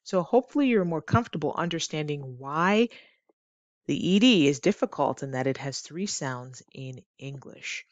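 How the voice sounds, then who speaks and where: Low-voiced woman teaching pronunciation. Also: expressive, no room sound, muffled recording. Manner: clear, deliberate, stretches example words slowly. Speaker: English teacher. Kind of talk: pronunciation lesson.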